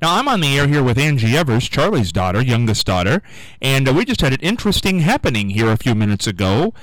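A man's voice: medium pitch, big pitch swings, fast, no room sound, rough recording. A middle-aged man hosting a live radio show in a small studio, chatting casually and rambling from one thing to the next. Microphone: studio microphone.

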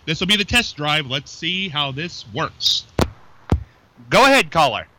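Over music, on a rough recording, a man with a fairly high, very animated voice hosts a casual local radio show from a small studio. He's loose and chatty, joking with his co-host and callers, and reads phone numbers out slowly.

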